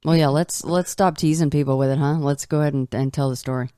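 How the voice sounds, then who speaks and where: Low, mellow woman co-hosting, dry sound. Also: steady tone, fast, clean tone. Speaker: podcast co-host. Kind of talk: casual chat.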